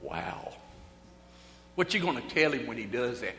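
A male preacher tells a story in a sermon, speaking folksy and dramatic with pauses and swings from loud to hushed. It is recorded in an echoey hall. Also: mid-range voice, sing-song, creaky, faint music behind. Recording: echoey hall with faint hum.

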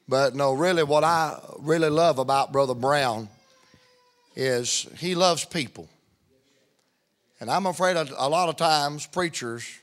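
A middle-aged man, a visiting preacher telling folksy jokes before his sermon. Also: mid-range voice. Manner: folksy joking storyteller. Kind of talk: humorous sermon opening.

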